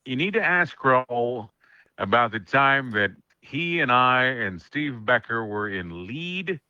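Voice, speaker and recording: Animated man telling jokey stories. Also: mid-range voice, clear, resonant tone, dry recording, highs cut off. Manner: animated, jokey, quick asides. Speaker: radio host. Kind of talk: casual storytelling chat.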